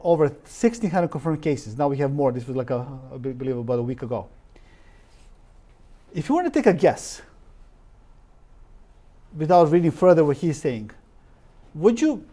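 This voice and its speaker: A man's voice: a little high, a little mellow. Emphatic man lecturing from slides. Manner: reads quotes aloud, stresses words, drops articles. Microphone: live-stream recording.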